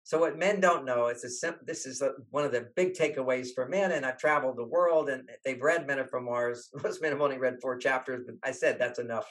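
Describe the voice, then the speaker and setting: Speaking a little fast with hardly any pauses, this older man's mid-range voice carries storytelling interview talk. A relationship author, he animatedly performs the voices of those he quotes.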